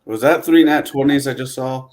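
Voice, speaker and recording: A man's voice: medium pitch, normal speed, a little mellow. A man chatting casually on a tabletop gaming podcast, talking in a rambling, reflective way. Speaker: podcast co-host.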